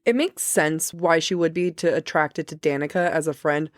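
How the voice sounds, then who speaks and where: A woman co-host on a book podcast, making jokey, self-deprecating remarks during casual chat. Her voice sits on the lower side, and the recording is dry and close. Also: fairly even intonation, normal speed, no room sound.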